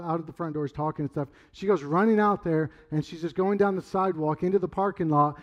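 A middle-aged man preaching a sermon in a loose, conversational way, rambling through stories and sometimes shouting. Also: high voice, muffled recording. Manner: conversational, rambling storyteller with sudden loud outbursts. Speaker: pastor.

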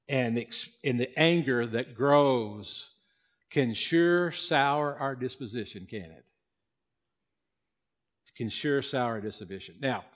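A male pastor delivering a sermon, swinging between loud emphasis and hushed, slow passages. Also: medium pitch.

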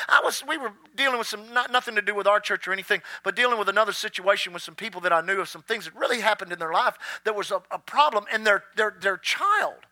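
A man preaching a sermon as a pastor, telling stories and drawing out key words slowly for emphasis. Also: high-pitched, pushed and bright, no room sound.

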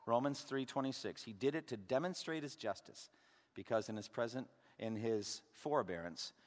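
A man preaching a sermon with emphatic rhetorical questions, swinging from loud declarations down to hushed asides. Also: a little high. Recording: long hall reverb.

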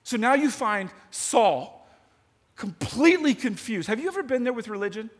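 A man preaching a sermon in a lively, conversational way, talking straight to his audience. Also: extremely high pitch, moderate pace. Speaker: pastor. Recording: long hall reverb.

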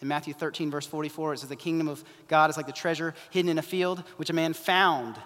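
A high, bright male voice delivers an impassioned sermon that swings between loud urgency and hushed pleading. The sound carries a long reverb, as in a large church hall. He speaks as a pastor addressing his congregation. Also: fairly even intonation, fast.

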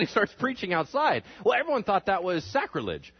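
Guy teaching church history, super animated, voice jumps all over, kinda dull lo-fi sound. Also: a little fast, slightly rough. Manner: animated storytelling, acting out quotes with big pitch swings. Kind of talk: classroom lecture. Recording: dull lo-fi recording.

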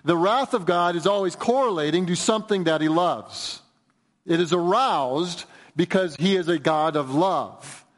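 Guy preaching in church, earnest and emphatic, kinda high voice, big echoey hall. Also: measured pace. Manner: earnest, emphatic, swinging between raised and hushed delivery. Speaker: pastor. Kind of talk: sermon. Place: church sanctuary.

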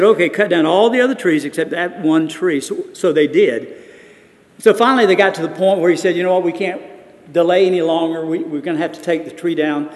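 Older man, sixties, preaching; storytelling that rises to forceful peaks, voice on the higher side, long hall reverb. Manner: storytelling, builds to emphatic peaks. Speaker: pastor. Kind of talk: sermon.

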